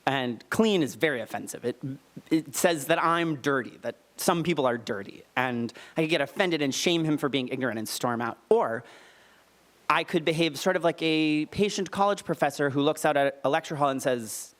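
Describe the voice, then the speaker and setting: A man's voice: a little high, moderate pace. Earnest man telling a story on stage. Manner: earnest and candid, with lively emphatic retellings of dialogue. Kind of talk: live personal storytelling on stage. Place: stage at a live storytelling night in a club venue.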